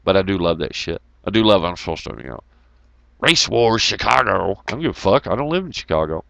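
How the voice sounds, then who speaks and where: A man's voice: low voice, very animated, brisk, vocal fry, sharp tone, dry recording, muffled recording. A middle-aged man hosting an online talk show, ranting heatedly with lots of swearing and mocking asides. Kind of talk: profane ranting monologue.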